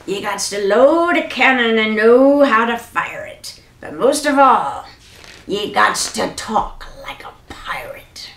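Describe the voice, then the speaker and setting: A woman voicing a gruff, bossy male pirate captain who bellows in pirate slang in a children's storybook reading. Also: fairly high pitch, animated, unhurried, few pauses, fairly bright tone, reverberant. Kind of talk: storybook read-aloud for children.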